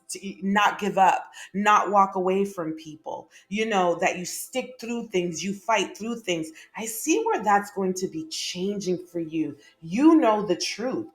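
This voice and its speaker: A woman giving a monthly tarot reading, chatty and enthusiastic, with many fillers and repeated okays. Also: mid-range voice. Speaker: tarot reader.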